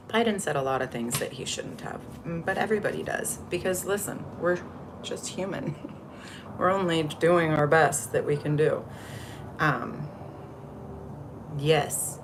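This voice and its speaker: A woman's voice: low-pitched, background noise. A woman hosting a casual spiritual livestream, chatty and rambling as she greets viewers from the chat. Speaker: livestream host.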